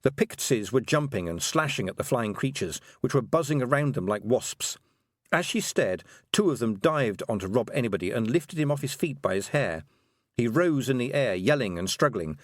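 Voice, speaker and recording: Guy reading an audiobook, lively up-and-down voice, dry close mic. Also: medium pitch, normal speed, no room sound. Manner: expressive storytelling. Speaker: audiobook narrator. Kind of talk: scripted narration.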